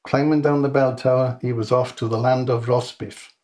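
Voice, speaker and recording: Man narrating a deadpan comic story. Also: mid-range voice, normal speed. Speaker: author reading his own story.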